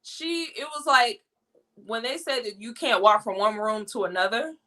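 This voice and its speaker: A young woman telling a personal family story in casual, animated talk, slipping into quoted voices. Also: on the high side, moderate pace. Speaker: guest.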